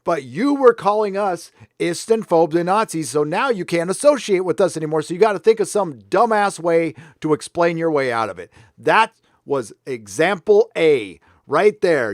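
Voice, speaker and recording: Headphones on and speaking into a desk mic, this American livestream host reacts to clips with blunt, profane rants. His slightly high voice has lively intonation at a moderate pace, captured in a dry, clean studio recording.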